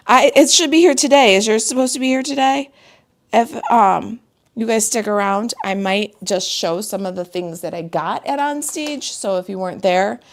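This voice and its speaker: A chatty woman from the United States runs a live card-making class from her craft table. She talks warmly and casually at a middle pitch, laughs often, and greets viewers by name as she works. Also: gravelly.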